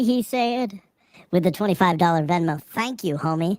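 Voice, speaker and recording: A young woman chats on a livestream, swearing freely and laughing often as she talks to her viewers. Her pitch rises and falls a lot, and the sound is dry and close with no room around it. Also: animated, takes it slowly, no room sound. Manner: profane, chatty, laughs often. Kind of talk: casual livestream chat.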